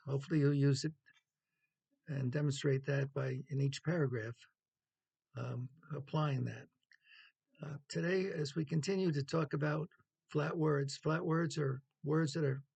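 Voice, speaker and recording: A man delivers a writing lecture in a heavily gravelly voice with a husky edge. He talks in a measured way, with pauses, fillers and the odd cleared throat. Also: a little high, a little mellow. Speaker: writing instructor.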